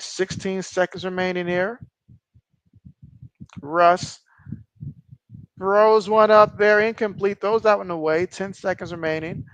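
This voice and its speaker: A man hosting a livestream and giving excitable play-by-play commentary as he watches a football game, reading viewer comments aloud between plays. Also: no room sound. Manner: excitable, gets louder and higher during plays; reads viewer chat aloud. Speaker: livestream host.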